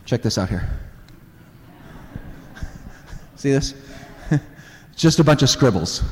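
A man preaching a sermon, telling animated family stories and laughing often. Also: mid-range voice. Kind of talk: sermon storytelling. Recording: reverberant hall.

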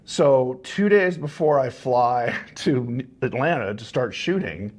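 A man's voice: medium pitch, lively intonation, slow pace, darkish tone. A sleep-deprived man telling rambling anecdotes with frequent chuckles as a guest in a casual interview. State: tired, short on sleep.

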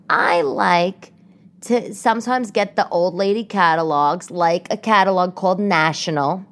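A woman's voice: on the low side, measured pace. A middle-aged woman from New York hosting a casual solo podcast, rambling through comic stories and asides. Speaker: podcast host.

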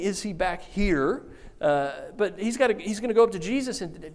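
A man's voice: sits high, normal speed. Storytelling male pastor preaching. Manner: acts out quoted voices, lively storytelling. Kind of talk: sermon.

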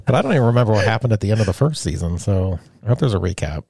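A man with a low, gravelly voice who talks quickly on a podcast. He chimes in with short questions and reactions. The sound is dry and close. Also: expressive, a little mellow, no echo. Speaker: podcast co-host. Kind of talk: casual chat. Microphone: studio podcast mic.

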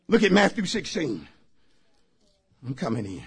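High, husky preacher man. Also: very animated, moderate pace, long pauses, a bit bright. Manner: fervent, repetitive, talks straight to the congregation. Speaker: pastor. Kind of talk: sermon with personal testimony.

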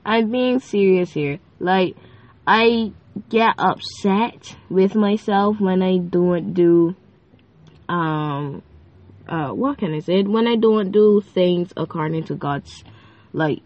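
A woman's voice: lowish voice, slow, lo-fi sound. A woman hosting a casual faith-based podcast, talking in a chatty, rambling way full of fillers and playful asides. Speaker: podcast host. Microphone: phone.

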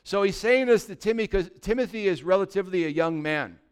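A man preaching a conversational sermon as pastor, dropping to a soft, quiet voice when acting out gentle words. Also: high voice, expressive, fast, clean tone. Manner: conversational preaching, drops to a soft voice for imagined dialogue.

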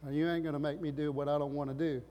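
A man preaching a sermon as pastor, impassioned, swinging from loud emphatic lines to quiet earnest ones. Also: fairly high pitch, level tone, racing, in a large hall.

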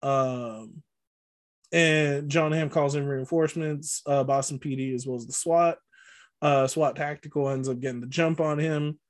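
A man's voice: on the high side, steady tone, unhurried. A man co-hosting a podcast, casually recapping a movie plot with lots of fillers and frequent laughs. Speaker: podcast co-host.

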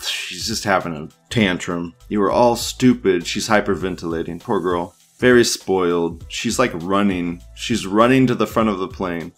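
A man with a somewhat low voice hosts a casual online news show, reading posts aloud and reacting to them in crude, rambling asides. He laughs often and stumbles over restarts. Faint music runs quietly underneath him. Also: normal speed, hardly any pauses.

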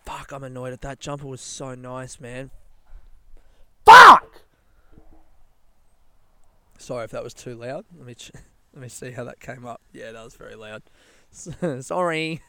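A man's voice: mid-range voice, moderate pace, vocal fry, fairly bright tone. A young man telling a long casual anecdote, rambling and swearing, laughing often. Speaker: storyteller.

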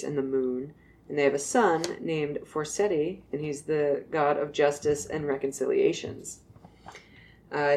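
A woman with a low-pitched voice, hosting casual chat. She retells myths in a jokey storyteller manner, slipping into silly voices for the characters. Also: darkish tone. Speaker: podcast host retelling myths.

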